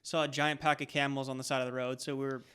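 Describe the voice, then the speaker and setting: A man who is a guest on a podcast, telling a lively story and acting out the lines of the people in it. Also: medium pitch, fast, clear, resonant tone. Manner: animated storyteller, acts out what people said. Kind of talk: casual chat.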